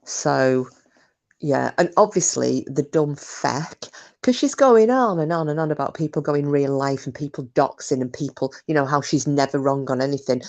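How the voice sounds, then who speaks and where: A woman's voice: sits low, normal speed, darkish tone. A woman hosting a live stream, chatting casually, reading out comments and talking bluntly with plenty of swearing. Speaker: livestream host.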